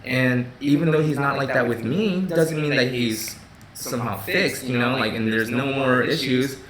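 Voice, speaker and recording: A man's voice: medium pitch, moderate pace, fairly bright tone, roomy sound, a little hiss or hum, low-quality recording. A man hosting a live Q&A stream from his office, speaking casually with many restarts and repeated "you know" and "right?". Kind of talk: casual livestream talk.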